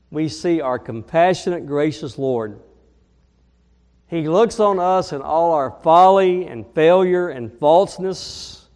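A man preaching a sermon as pastor, earnest, leaning slowly on key phrases. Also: fairly high pitch, darkish tone, in a large hall.

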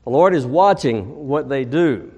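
A male pastor delivers a sermon at an unhurried, measured pace, his voice set at a middle pitch. He tells stories and reads scripture, now and then swelling into loud, emphatic lines. The sound carries the long, lingering reverb of a large church hall. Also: expressive, breathy edge, lo-fi sound. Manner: slow, deliberate, builds to booming emphasis in stories. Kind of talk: sermon with storytelling.

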